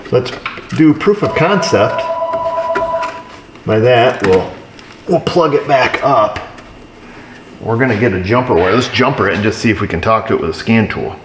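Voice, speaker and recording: A man's voice: medium pitch, background noise. A man working as an auto repair technician, narrating casually while he diagnoses a truck and tossing dry, joking asides to viewers. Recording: roomy shop echo.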